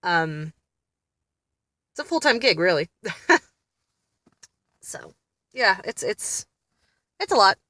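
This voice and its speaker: A woman's voice: medium pitch, big pitch swings, slow, pauses often, bright, forceful tone, no echo, clean studio sound. A woman chatting candidly to camera as a mother, blunt and often laughing as she talks. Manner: exasperated, blunt. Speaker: mother vlogging about family therapy. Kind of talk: casual vlog chat.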